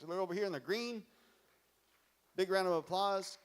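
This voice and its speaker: A man emceeing a conference, calling for applause and reading out raffle numbers slowly to a large hall. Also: on the high side, lively intonation, clear, resonant tone. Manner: loud, hearty, calls out raffle numbers slowly.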